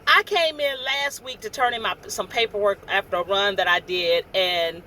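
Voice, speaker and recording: Middle-aged woman, truck driver, casual storyteller with a bright, tense voice. Faint outdoor noise behind. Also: mid-range voice, moderate pace. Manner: chatty, animated, acts out quoted dialogue.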